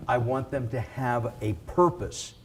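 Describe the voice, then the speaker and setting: A man pitching his video coaching to a live audience in an unhurried, conversational way. His voice rises and falls as he talks, and he sometimes restarts a sentence. A faint noise sits behind him. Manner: animated, conversational, with filler words and restarts.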